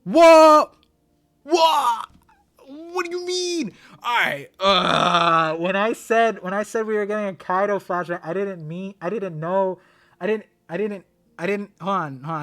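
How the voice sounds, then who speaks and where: A young man on a live stream reads a comic chapter aloud, reacting with excited exclamations and stammers. His voice sits high and he talks fairly quickly.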